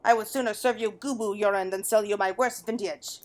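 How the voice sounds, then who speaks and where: A woman's voice: medium pitch, steady tone, brisk, natural voice. A woman voicing a snobbish, arrogant male wine baron from a video game, speaking in a pompous, scornful way with an attempted French accent. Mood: contemptuous.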